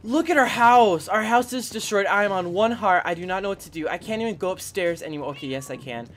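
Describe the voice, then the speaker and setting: A gaming channel host giving casual let's-play commentary, theatrical and expressive, talking straight to the viewers. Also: mid-range voice, fast, a little hiss or hum.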